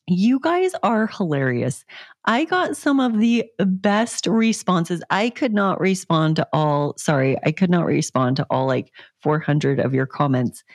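A woman's voice: a little high, no echo, studio quality. A woman in her thirties hosting a casual podcast as a fitness coach, telling stories with a lot of laughter and playful sarcasm. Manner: giggly, animated storytelling with frequent laughter. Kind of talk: casual solo podcast chat.

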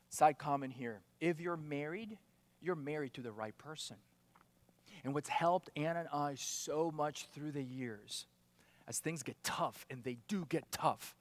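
High, bright-voiced man preaching a sermon. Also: no echo, big-room sound. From outside America. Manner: emphatic, rising and falling, rhetorical questions. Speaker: pastor.

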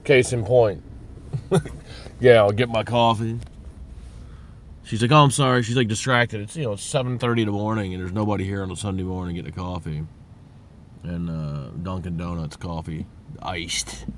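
Low-voiced man ranting profanely while driving. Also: fairly even intonation, moderate pace. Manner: profane, blunt, rambling. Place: in a car. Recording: car road noise behind. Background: road rumble.

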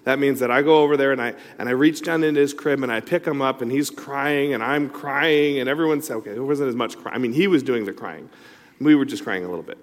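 A man's voice: mid-range voice, fast. A middle-aged man preaching a sermon, telling a personal story in a loose, conversational way with many asides. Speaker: pastor. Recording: long reverb in a large hall.

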